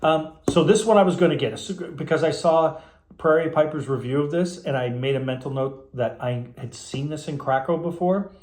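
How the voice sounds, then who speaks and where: A man vlogging in a casual, rambling, enthusiastic way, tired with his voice going hoarse. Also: a little high, normal speed, darkish tone, roomy sound. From Canada. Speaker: pipe tobacco vlogger. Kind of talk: casual vlog chat.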